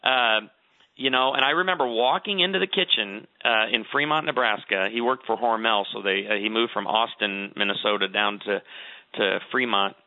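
A man's voice: fairly low pitch, moderate pace, dry recording. A middle-aged man giving earnest advice, telling stories with emphasis in a conversational talk. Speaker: guest author. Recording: tinny phone-like line.

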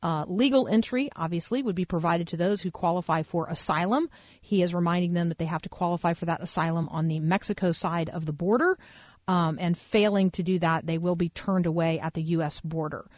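A woman's voice: lowish voice, brisk, darkish tone, dry recording. A woman hosting a faith talk radio program. She comments on the news in a loose, conversational way, full of filler words and thinking aloud. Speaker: radio talk show host.

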